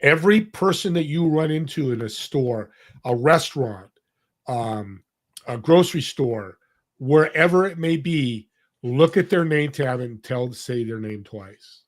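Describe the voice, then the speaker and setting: A man guesting on a podcast, telling an earnest, animated story and acting out the people in it. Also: medium pitch, unhurried. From California. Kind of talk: storytelling interview talk.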